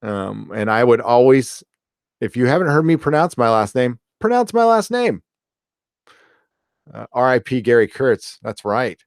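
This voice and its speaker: His voice is mid-range and gravelly, moving at a moderate pace, with clean studio sound and no room noise. He hosts a live chat stream, going through viewer comments in a rambling way marked by fillers, restarts and swearing.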